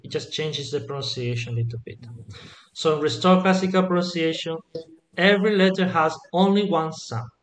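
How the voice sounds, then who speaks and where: A man's voice: a little high, a little fast. A man teaching Latin to a small group, patiently asking questions and checking that they follow. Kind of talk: online group lesson.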